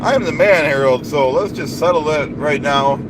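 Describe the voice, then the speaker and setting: A high-voiced man rants on a live stream, boastful and indignant, circling back to the same complaints again and again. Steady noise from outdoors and passing vehicles sits under his voice. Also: moderate pace. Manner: boastful, indignant, repeats himself.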